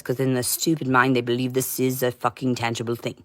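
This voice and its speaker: A woman streaming a rambling monologue, intense and profane, swinging between shouting and muttering. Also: very deep voice, level tone, brisk, no room sound. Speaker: livestreamer.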